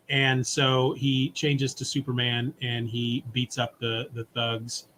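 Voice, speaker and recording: A man's voice: a little high, slight background noise. A man co-hosting a podcast, casually and animatedly retelling a comic story and briefly acting out its characters. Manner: animated retelling, voices characters in quick asides. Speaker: podcast co-host. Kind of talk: casual comic recap chat.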